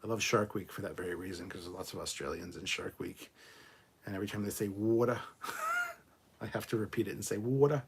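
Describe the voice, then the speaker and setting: A man hosting a casual livestream, reading viewer comments aloud and answering them in a relaxed, off-the-cuff way, swearing freely. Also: sits low, fairly quick, vocal fry, husky. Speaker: livestream host reading chat. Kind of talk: casual live chat.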